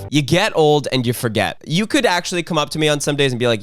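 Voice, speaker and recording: A man hosting a comedy reaction video, mocking clips in a sarcastic, animated way. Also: mid-range voice, fast talker, few pauses, soft background music.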